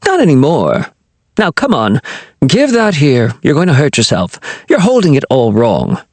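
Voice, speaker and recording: Brief: man doing a cocky, teasing sailor woman, husky, lively delivery, dry read. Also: rumbling low, normal speed, no room sound, full character voice. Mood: breezy. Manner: breezy, teasing, reassuring. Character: cocky, brisk adult woman sailor, quick-witted. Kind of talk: audiobook character voice.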